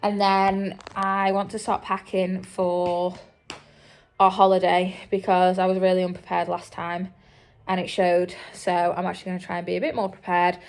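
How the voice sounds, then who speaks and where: A young woman vlogs casually on a handheld phone in a big field with horses and dogs, chatting, laughing in asides, and talking to the animals. Her fairly low voice is delivered completely flat at a moderate pace.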